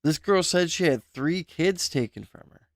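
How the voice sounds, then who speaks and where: Man, streamer, gravelly voice, dry close sound, emotional live reaction commentary. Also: a little high, expressive, normal speed, no echo. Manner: emotional, exclaiming, speculative.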